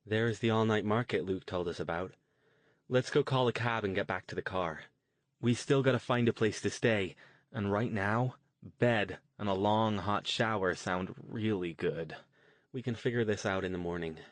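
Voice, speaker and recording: A man voicing a brisk, practical young woman. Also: lowish voice, dry recording, natural voice.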